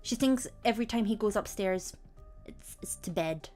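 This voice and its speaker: A woman's voice: mid-range voice, moderate pace, darkish tone, soft background music. A young woman streamer chatting casually to her viewers, telling stories about her cats and laughing often. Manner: chatty storytelling, giggly, acts out her cats. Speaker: VTuber streamer.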